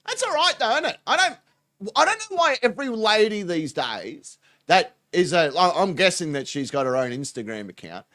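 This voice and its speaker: A man's voice: high voice, big pitch swings, normal speed, sharp tone. A foul-mouthed man hosting a mocking reaction commentary show, laughing as he talks. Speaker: host.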